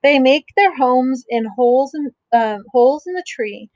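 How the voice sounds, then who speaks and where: A middle-aged woman teacher reads a picture book aloud to young children and stops to explain things gently and simply. Her voice sits a little high. It is recorded close and dry, with no room sound. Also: animated, unhurried, no echo, highs cut off.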